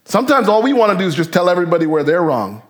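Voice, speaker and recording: A man preaching a sermon as pastor, animated, his voice jumping up for emphasis and then dropping low. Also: very fast. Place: church sanctuary.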